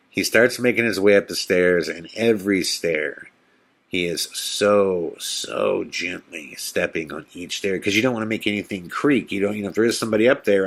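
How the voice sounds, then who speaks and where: Man, podcast host, casual storytelling, low voice, animated quotes. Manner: animated storyteller, acts out quotes in a whisper and excited high voice.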